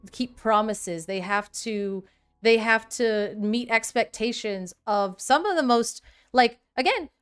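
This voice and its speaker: This livestream host, a woman in her thirties, has a clear, resonant mid-range voice. Her casual stream is full of lively chatter, viewer comments read aloud, and plenty of laughter.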